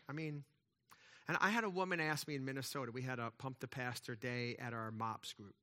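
A middle-aged male pastor delivers a conversational sermon, posing rhetorical questions to the congregation and moving between loud and quiet passages. His mid-range voice keeps a fairly even intonation and moves at a fairly quick clip.

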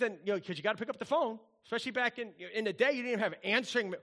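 Middle-aged guy preaching, playful and animated, highish voice. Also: rapid-fire. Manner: animated, playful storytelling with sung bits. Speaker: pastor. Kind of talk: sermon.

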